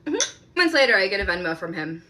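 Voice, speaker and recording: A woman's voice: mid-range voice, sing-song, fast talker, bright, forceful tone. A woman recounting a bad date in casual storytime style, matter-of-fact and conversational.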